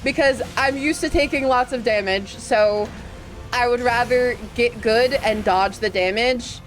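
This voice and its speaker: High-voiced, unhurried playful woman streamer. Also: slight background noise. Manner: playful, protests teasing from chat with mock indignation. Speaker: VTuber streamer. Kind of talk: casual gaming stream chat.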